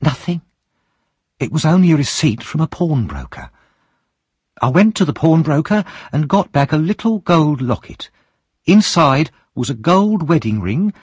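A cold, scheming woman who answers every threat with flat calm, as a man reading a storybook puts her on. The voice sits noticeably higher than his own but keeps a husky, breathy edge. It moves with plenty of rise and fall while staying unshaken. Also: unhurried, no room sound, studio quality, exaggerated voice. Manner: steady, unafraid, matter-of-fact.

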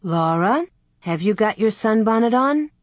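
A reader voicing a gentle, sensible pioneer girl, the older sister, in a soft, raised voice with a prim, motherly manner. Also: medium pitch, expressive, measured pace, no echo, studio quality, pitched above the performer's own voice, natural voice. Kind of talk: audiobook character voice.

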